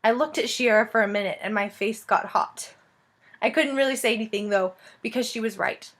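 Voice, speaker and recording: Woman reader, storybook narration, lively, slightly high voice. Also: brisk. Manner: lively, expressive. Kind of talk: storybook read-aloud narration.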